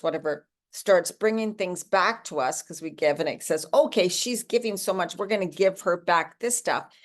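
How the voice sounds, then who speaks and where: Encouraging woman in her sixties, low voice. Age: 60s. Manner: conversational and encouraging, acts out quoted inner voices. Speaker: host giving a morning talk. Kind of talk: casual motivational talk.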